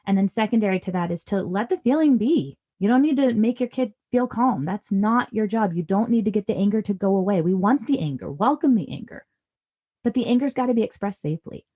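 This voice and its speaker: A woman's voice: mid-range voice, expressive, fairly quick, phone-quality sound. A woman in her thirties giving earnest, reassuring parenting advice in a podcast conversation. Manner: earnest and reassuring, acts out parent lines softly. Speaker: parenting guest expert.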